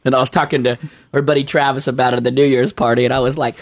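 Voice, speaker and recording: A man chatting casually as a podcast co-host, telling stories in an animated, rambling way. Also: medium pitch, very fast, vocal fry. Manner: animated storyteller, rambling restarts, laughs mid-story. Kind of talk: casual chat.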